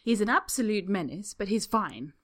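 A woman's voice: mid-range voice, lively intonation, normal speed, natural voice. Haughty snappish young man, voiced by a woman reader, clipped and emphatic. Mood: wry.

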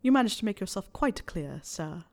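A woman's voice: medium pitch, very animated, moderate pace, darkish tone. Woman voicing a defensive young wizard. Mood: bitter.

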